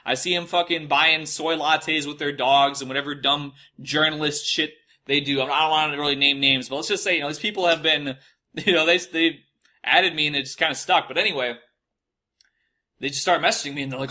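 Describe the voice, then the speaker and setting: A young man from Minnesota spins a long story in loose, casual talk, swearing freely and acting out mocking quotes along the way. His voice sits a little high and sounds very bright and sharp. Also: fairly quick. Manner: profane, animated retelling with mocking quoted voices. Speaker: podcast host telling a story.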